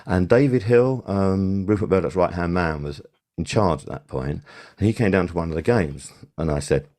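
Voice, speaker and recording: Older male guest, deep and mellow voice, chatty storyteller who restarts often. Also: moderate pace. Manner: rambling anecdotes with many fillers and restarts. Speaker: podcast guest, sound supervisor. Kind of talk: casual interview.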